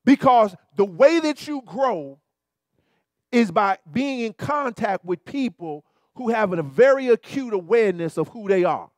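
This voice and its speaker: A man pastor preaching a sermon in an animated, colloquial way, turning often to his listeners with repeated asides. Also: high voice, measured pace, no echo, studio quality.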